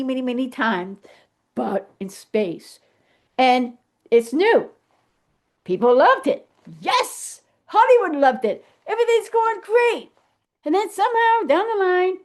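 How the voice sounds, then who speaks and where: A woman talking casually to camera in an animated, emphatic way, thinking aloud and restarting her sentences as she goes. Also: high voice. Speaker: vlogger. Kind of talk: casual rambling monologue.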